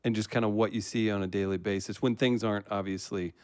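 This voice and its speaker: A man's voice: lowish voice, steady tone, quick pace, clear, resonant tone, dry recording, clean studio sound. A man from St. Louis hosting a casual live-stream interview, asking long, rambling questions in a chatty way. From St. Louis, USA. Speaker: host.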